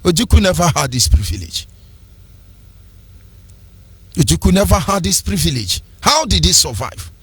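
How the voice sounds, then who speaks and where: A man's voice: on the high side, sing-song, normal speed, long pauses, a bit bright, husky, no echo. A man with a Nigerian accent hosting a fiery political radio commentary, ranting in an impassioned, preachy sing-song. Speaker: radio host.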